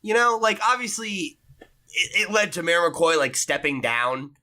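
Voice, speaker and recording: A man co-hosting a podcast in a casual review chat, animated, laughing often and swearing casually. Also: high voice, a little slow. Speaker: podcast co-host.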